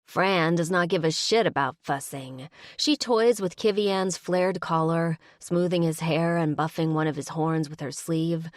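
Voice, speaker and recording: A woman tells a fantasy romance in first person with a calm, even manner. Her voice sits very low for a woman. The recording is dry and close. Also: unhurried, hardly any pauses, no room sound. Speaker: audiobook narrator.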